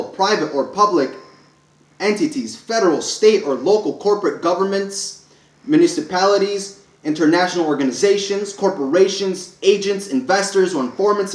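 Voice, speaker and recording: A man's voice: high-pitched, reverberant, poor audio. A man reading a formal proclamation aloud to camera, stressing each clause one by one and stumbling now and then. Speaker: self-declared speaker reading a public proclamation. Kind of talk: read-aloud declaration to camera.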